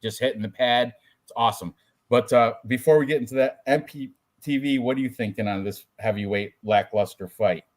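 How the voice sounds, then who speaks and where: A man's voice: medium pitch, brisk. A man hosting a casual podcast about fight predictions, talking loosely with crude jokes and banter. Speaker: podcast host.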